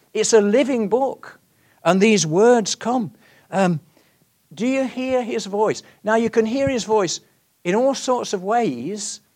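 Older male preacher in his sixties, sermon delivery, earnest, somewhat high-pitched, alternates forceful emphasis with quiet asides. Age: 60s. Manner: earnest, swings between loud emphasis and hushed questions.

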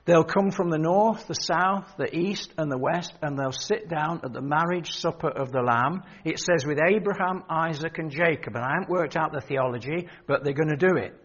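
A man's voice: fairly high pitch, normal speed, hardly any pauses, fairly bright tone, husky. An older man preaching a sermon, telling stories and quoting the people in them. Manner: storytelling, quoting others, rising emphasis. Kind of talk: sermon with anecdotes. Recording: dull lo-fi sermon recording.

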